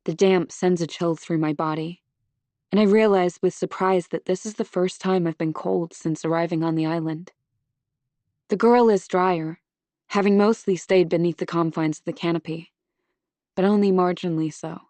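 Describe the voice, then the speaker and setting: A woman reading a suspense novel aloud in first person, measured and close to the microphone. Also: lowish voice, steady tone, dark tone, no echo. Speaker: audiobook narrator.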